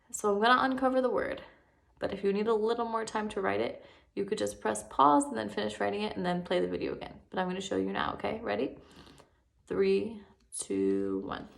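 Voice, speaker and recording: A woman teaching a first grade spelling lesson on video, patient and encouraging, drawing words out slowly for young children. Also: medium pitch, gravelly.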